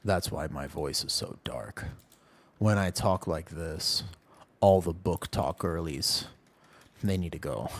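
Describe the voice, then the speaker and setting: A man putting on a low, slow, mock-seductive voice as a whispered role-play bit. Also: breathy edge, full character voice. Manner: drawn-out, mock-seductive delivery.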